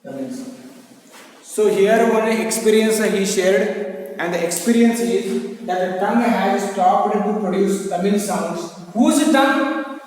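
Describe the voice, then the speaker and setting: A man's voice: sits high, slow pace, darkish tone, slight background noise. A man teaching an English lesson, repeating himself and asking and answering his own questions. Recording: echoey hall, voice from far off.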